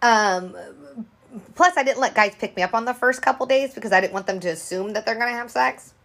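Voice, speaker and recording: A woman in her thirties talks on a podcast in an open, unfiltered way. Her voice sits a little high, and she swears freely and loops back on herself often. It sounds like a relaxed, candid conversation. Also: brisk. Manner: frank, profane, rambling with many restarts. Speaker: podcast co-host. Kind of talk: candid casual chat.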